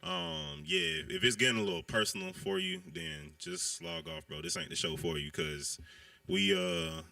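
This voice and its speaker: A man's voice: fairly low pitch, moderate pace, creaky, sharp tone, no room sound, far from the mic. A man co-hosting a casual basketball talk show, laid-back and direct, with lots of slang. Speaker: podcast co-host. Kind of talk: casual sports chat.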